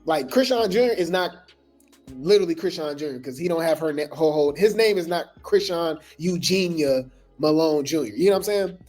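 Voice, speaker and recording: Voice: mid-range voice, fairly quick, a little mellow, soft background music. A gossip news host talking loosely in slang, full of fillers and restarts. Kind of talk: casual gossip commentary.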